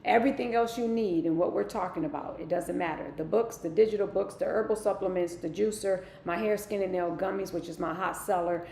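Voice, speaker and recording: A woman's voice: fairly low pitch, a little fast, gravelly, few pauses, dark tone. A middle-aged woman hosting a wellness livestream, speaking emphatically and talking straight to her live viewers. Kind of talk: live-stream motivational talk. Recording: echoey room, faint ambient noise.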